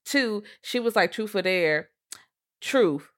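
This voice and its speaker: A woman with a Southern US accent co-hosting a casual movie review podcast, telling the plot in an animated, profane way and acting out characters' lines. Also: mid-range voice, slow pace. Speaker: podcast co-host.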